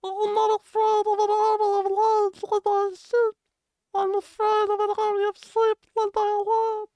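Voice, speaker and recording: A streamer voicing a tiny squeaky game creature that recites grand quotes with lip smacks. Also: monotone, a little slow, a little mellow, no echo. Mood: grandiose.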